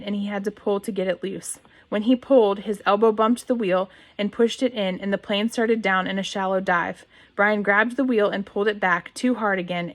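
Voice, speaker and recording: Reading from a novel, this woman keeps a mid-pitched, even, unadorned delivery, with the odd restart and an occasional throat-clearing.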